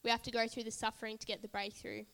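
A woman's voice: on the high side, level tone, quick pace, a bit bright, in a large hall. A woman preaching a sermon at a church service, earnest and repetitive, building emphasis phrase by phrase.

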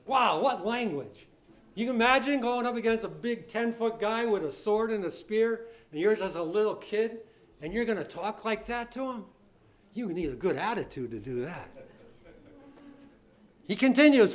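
A man's voice: high voice, animated, moderate pace. A man preaching a sermon, reading scripture aloud with rising emphasis and asking his listeners rhetorical questions.

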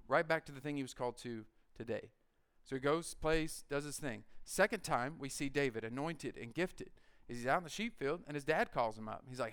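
Energetic preacher with a smooth voice. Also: male voice, mid-range voice, brisk. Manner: energetic and conversational, acting out voices, rising to shouts. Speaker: pastor. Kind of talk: sermon.

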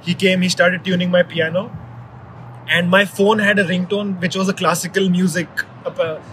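High-voiced man telling a rambling story. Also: steady tone, normal speed, fairly bright tone, slight background noise, poor audio. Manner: rambling storyteller with many restarts. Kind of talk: casual conversation.

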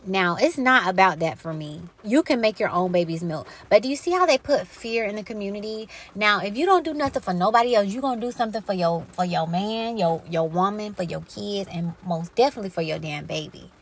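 A woman's voice: medium pitch, fairly quick, hardly any pauses. A woman hosting her own podcast, talking in a blunt, profane, preachy way and firing off emphatic rhetorical questions. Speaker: podcast host. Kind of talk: impassioned solo podcast monologue.

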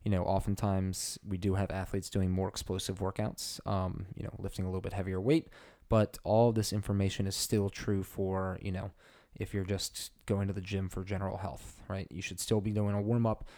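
A man co-hosting a podcast in easy, casual chat. His voice is low, gravelly and mellow, and his talk is loose and full of "you know"s. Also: little pitch movement, normal speed, few pauses. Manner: loose, filler-heavy delivery with many "you know"s. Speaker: podcast co-host.

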